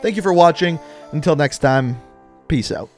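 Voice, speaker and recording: A man's voice: a little high, lively intonation, normal speed, soft background music. Chatty young man telling a story. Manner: rambling, chatty, lots of "like". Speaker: vlogger. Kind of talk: casual storytime narration.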